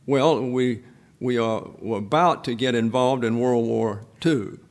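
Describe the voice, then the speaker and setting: A man's voice: medium pitch, measured pace, a little mellow. Rambling folksy man in his eighties. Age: 80s. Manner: folksy, digressive storytelling with frequent restarts. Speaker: pastor. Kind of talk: sermon.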